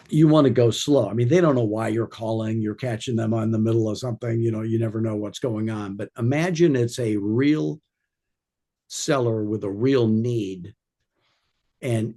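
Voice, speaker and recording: A man's voice: on the low side, mellow. A man coaching real estate agents in an informal training talk, rambling through anecdotes with wry humor.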